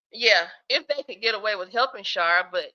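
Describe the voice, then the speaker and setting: A woman hosts a live stream, talking straight to the chat about skits, laughing often and yawning sleepily as she goes. Her medium-pitched voice is bright and forceful, though the recording is muffled.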